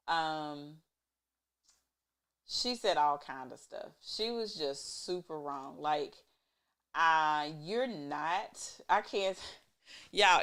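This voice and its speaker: A woman's voice: deep voice, takes it slowly, fairly bright tone. A woman hosting a casual show recap, chatty and exasperated as she retells scenes, talking on a webcam. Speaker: show recap host, intimacy coach.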